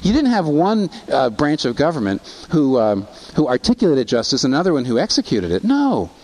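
A man preaching a sermon, asking rhetorical questions and rising in pitch on emphasis. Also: wildly swooping pitch, brisk, a little mellow. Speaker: pastor.

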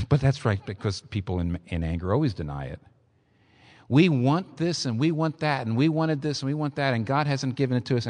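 Man cast as a lively, impassioned preacher with wide swings in pitch, heard in a reverberant hall. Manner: impassioned, emphatic repetition. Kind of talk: sermon.

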